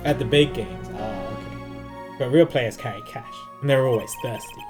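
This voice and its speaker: A man reading the lines of a cool, taunting older male card player from a video game, in a measured, formal and cryptic way. He reads it close to his own voice. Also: mid-range voice, over music, lightly acted. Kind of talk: reading game dialogue aloud.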